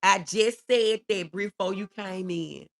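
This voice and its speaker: This middle-aged woman speaks a little slowly, her medium-pitched voice carrying vocal fry. Hosting a relaxed livestream, she warmly and emotionally reads her viewers' comments out loud.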